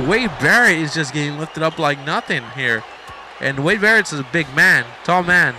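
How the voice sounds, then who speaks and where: Excitable high-voiced man doing play-by-play. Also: moderate pace, slight background noise. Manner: excitable, shouts at big moves, rambles and repeats himself. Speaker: YouTuber commentating his own video game matches.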